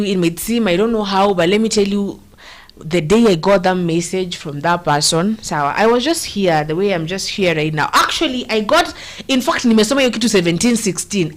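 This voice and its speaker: A woman with a Kenyan accent hosting a show, giving earnest, rambling political commentary and slipping Swahili slang into her English. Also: mid-range voice.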